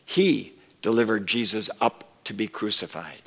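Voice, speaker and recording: A man preaching a sermon as pastor, slow and deliberate, rising with emphasis when quoting scripture. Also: fairly low pitch, creaky, fairly bright tone, long reverb tail. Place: church sanctuary.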